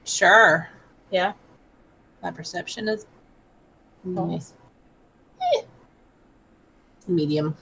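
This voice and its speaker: A woman's voice: fairly low pitch, extremely slow, vocal fry, long pauses, bright, forceful tone, a little hiss or hum, low-quality recording. A woman playing a tabletop game in casual chat, easygoing. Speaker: player.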